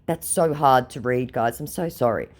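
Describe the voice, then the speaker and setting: A woman's voice: rumbling low, moderate pace. A woman narrating a chat exchange aloud with a sarcastic, mocking manner.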